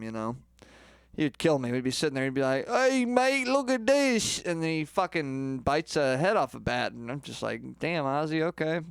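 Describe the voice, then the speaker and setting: A man's voice: medium pitch, gravelly, smooth, dry recording, studio quality. A man posing as a rock star singing teacher, rambling in a boastful, crude way through a comedic lesson.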